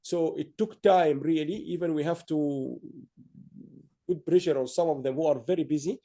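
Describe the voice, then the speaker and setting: A man's voice: on the high side, normal speed, warm tone. A man hosting an online awards ceremony, speaking in long, rambling stretches of praise with frequent restarts. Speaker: awards host.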